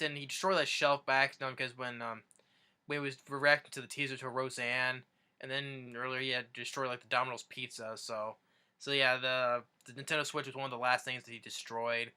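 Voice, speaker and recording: Bright-voiced man, casual rambly recap host, lots of ums and restarts. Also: mid-range voice, level tone, normal speed, clear, resonant tone. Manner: rambling, many restarts and fillers. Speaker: YouTuber.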